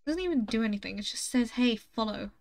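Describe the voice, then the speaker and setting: A woman streams a game and chats over it in a fairly high voice. She is blunt and teasing, and she swears freely as she rambles. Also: expressive, quick pace, vocal fry, darkish tone, a little hiss or hum. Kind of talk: casual chat while gaming.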